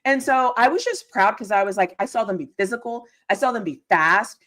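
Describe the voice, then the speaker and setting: A woman co-hosting a live sports stream, ranting with excitement and emphasis. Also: fairly high pitch, brisk. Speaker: guest co-host.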